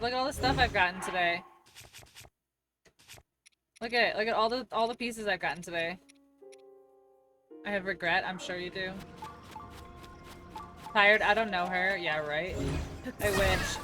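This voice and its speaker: A woman's voice: medium pitch, normal speed, long pauses, over music. A young woman streaming a game, chatting loosely with her viewers and rambling with easy laughter. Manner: chatty, rambling and laughing, reads chat aloud. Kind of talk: casual live-stream chat while gaming. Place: at home.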